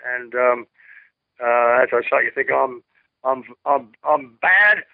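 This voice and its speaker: A man's voice: medium pitch, completely flat delivery, measured pace, vocal fry, dry recording. A man in his sixties with an Australian accent, a rock singer giving an interview, talking in a laid-back, rambling way with many fillers and restarts. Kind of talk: casual interview chat. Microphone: telephone. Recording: dry tinny phone line.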